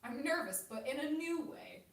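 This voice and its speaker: A woman hosting a livestream, chatting casually and laughing often, with a self-deprecating manner and some vocal fry. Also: high voice, normal speed, roomy sound, distant mic. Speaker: livestream host. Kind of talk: casual chat.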